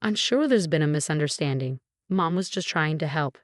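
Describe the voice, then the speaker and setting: A distracted husband who hedges and brushes things off, as a woman narrator reads him. The voice stays low and dry, in a storybook reading. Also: animated, normal speed, no room sound. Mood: hesitant. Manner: hesitant, offhand.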